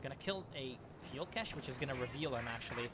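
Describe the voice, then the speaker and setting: A man giving live commentary on a strategy game match, excitable and swearing freely, often breaking into laughter. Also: mid-range voice, fast talker, background noise. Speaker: game caster.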